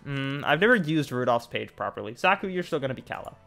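A young man in mid-pitch chats loosely while streaming a card game. He rambles, restarts his sentences and leans on fillers, with soft game music playing faintly underneath. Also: big pitch swings, fast talker, gravelly. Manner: rambling, many fillers and restarts, laughs easily. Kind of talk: casual gameplay chat.

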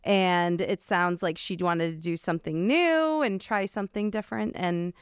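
A woman co-hosting an entertainment news panel, chatty and quick to react. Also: lowish voice, clean tone, dry recording, studio quality. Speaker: co-host. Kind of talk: casual panel chat.

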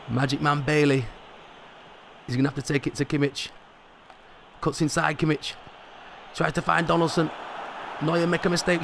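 A man commentating his own football video game match as he plays, excitable and rising sharply in pitch at big moments. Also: vocal fry, slight background noise. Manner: excitable, rises sharply at goals. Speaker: gaming commentator.

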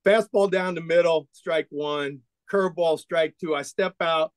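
A man in his forties telling animated stories as a podcast guest, acting out quoted dialogue. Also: fairly high pitch, unhurried, smooth, no echo. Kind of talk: casual storytelling interview.

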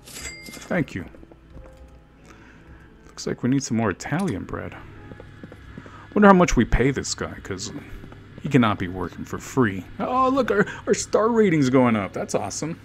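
A man's voice: mid-range voice, sing-song, a little slow, long pauses. A man casually commenting on his own gameplay, joking and chatting to game characters and to himself. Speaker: gaming video host. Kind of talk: casual let's play commentary. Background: faint game music.

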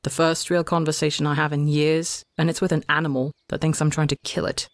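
Man doing a tired young forest god, soft-spoken, wistful, gentle, storybook reading. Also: fairly high pitch, flat delivery, brisk, dry recording, studio quality, lightly acted. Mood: weary.

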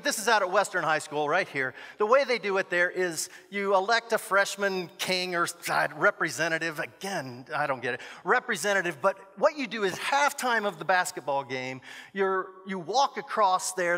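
High, bright male preacher, animated storyteller in a reverberant chapel. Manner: animated, joking asides, dramatic quoted voices. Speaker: guest chapel speaker, former youth pastor. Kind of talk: storytelling sermon. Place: university chapel. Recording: echoey hall.

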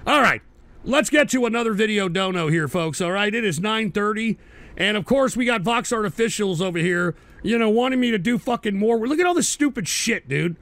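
Gravelly, profane livestream host. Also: male voice, high voice, animated, brisk, no echo. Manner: profane, exasperated, reacts loudly to viewer clips. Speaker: livestream talk show host. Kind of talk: crude casual stream commentary.

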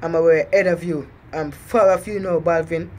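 High-voiced man rapping taunts. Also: fairly even intonation, a little fast. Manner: taunting, boastful, repetitive. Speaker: vlogger rapping a diss track. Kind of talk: diss track rap then spoken taunts.

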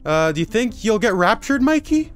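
A man's voice: a little high, normal speed. A man commenting sarcastically and swearing freely as he plays through a game. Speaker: streamer playing a game. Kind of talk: let's play commentary. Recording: game music behind.

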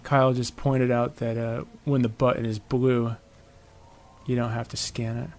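A man's voice: mid-range voice, little pitch movement, measured pace, a little mellow, a little hiss or hum. A man giving casual, chatty commentary on his own moves as he plays a video game. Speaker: gameplay commentator.

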